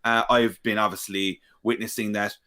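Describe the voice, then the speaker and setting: A man's voice: on the low side, little pitch movement, normal speed, bright, forceful tone, smooth. A man co-hosting a gaming podcast, rambling enthusiastically and repeating words for emphasis. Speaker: podcast co-host. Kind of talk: casual chat.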